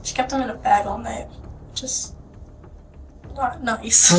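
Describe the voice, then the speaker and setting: A tired young woman answering questions in a police interview, soft and hesitant, often trailing into near-whispers. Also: mid-range voice, slow. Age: young adult. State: exhausted. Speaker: suspect being questioned. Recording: distant, noisy interview-room recording.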